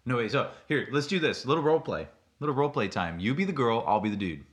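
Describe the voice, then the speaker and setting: A man's voice: medium pitch, lively intonation, fast. A young man co-hosting a casual podcast chat, joking and handing out mock advice. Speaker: podcast co-host.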